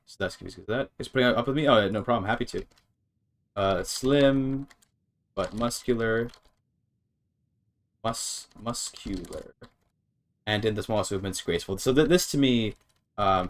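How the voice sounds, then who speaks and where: On his game stream, an English-speaking man with a somewhat low voice talks informally and muses aloud over a translation. He keeps restarting in a halting way and tries his hand at German words.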